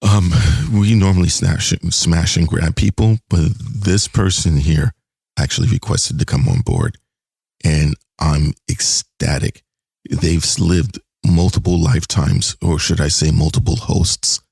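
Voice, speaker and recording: Podcast host guy, super low gravelly voice, kinda husky, jokey and swears a lot. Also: a little slow, a little mellow, no room sound, studio quality. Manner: playful, swears freely, role-plays as ship captain. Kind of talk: casual podcast banter.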